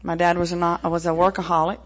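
A woman in her forties with a Southern American accent, frankly telling her personal story at a recovery meeting, with pauses and wry asides. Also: fairly low pitch, little pitch movement. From American South, Tennessee-Mississippi line. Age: 40s. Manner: frank, plainspoken, with fillers and wry laughs. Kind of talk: personal testimony. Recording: dull lo-fi recording.

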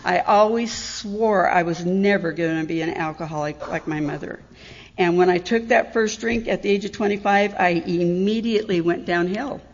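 A woman's voice: lowish voice, normal speed, slight background noise. Middle-aged woman, frank and self-mocking meeting speaker, dull recording with long hall reverb. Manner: candid, wry, self-deprecating, laughs often. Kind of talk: personal testimony talk.

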